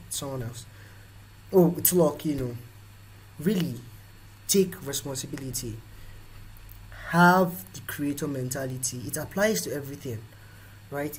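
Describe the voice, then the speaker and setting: A young Nigerian man hosting a motivational live talk, animated and quick to act out the voices of people in his stories. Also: fairly high pitch, a little hiss or hum, poor audio. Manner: animated, acts out quoted voices. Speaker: host.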